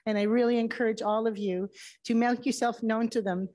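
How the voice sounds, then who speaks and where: A woman's voice: on the high side, steady tone, fairly quick, dark tone, poor audio. A woman co-curator giving opening remarks at a museum exhibition in a friendly, self-deprecating, conversational way. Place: museum event space.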